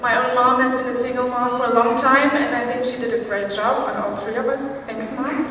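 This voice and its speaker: A woman's voice: on the high side, fairly even intonation, a little fast, background noise. Eager woman from Germany, echoing hall. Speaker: fan asking a question. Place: large convention hall. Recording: distant, echoey hall recording.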